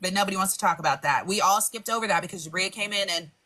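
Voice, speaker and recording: A woman's voice: medium pitch, racing, bright, forceful tone. A woman hosting a live panel, blunt and heated, swearing freely. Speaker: panel host. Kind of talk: casual chat on a live panel.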